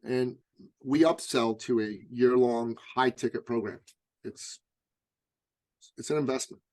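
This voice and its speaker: A middle-aged man recounting a personal story as an interview guest, at a middling pitch. He tells it vividly, often stumbling over repeated starts before pressing on. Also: unhurried, a little mellow. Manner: vivid anecdotal telling with repeated stammered starts.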